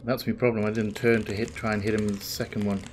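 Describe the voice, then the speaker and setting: A man's voice: fairly low pitch, flat delivery, fast, a little hiss or hum. A man giving let's play commentary on a game, jumpy and swearing constantly as he talks to the game. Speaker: gaming video host. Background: game music.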